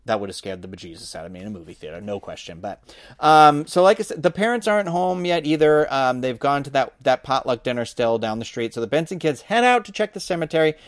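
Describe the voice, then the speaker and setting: A man's voice: medium pitch, expressive, fast, no echo. A man hosting a podcast, recapping and reading a book aloud with wry, dry asides. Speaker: podcast host.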